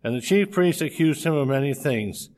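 A man reading a scripture passage aloud in a steady, measured way, with a few slips. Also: fairly high pitch.

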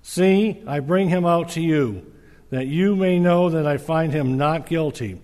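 An uneasy, pleading Roman governor as a man reads him out in a fairly high, measured voice. The words ring out through a long-echoing hall. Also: darkish tone, lightly acted. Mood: earnest. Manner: measured, earnest reading. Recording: reverberant hall.

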